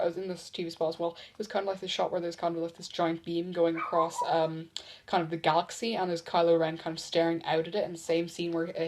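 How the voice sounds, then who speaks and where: A man's voice: high voice, background noise. A man hosting a casual news commentary vlog, rambling with lots of ums and restarts. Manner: rambling, full of ums and self-corrections. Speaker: vlog host.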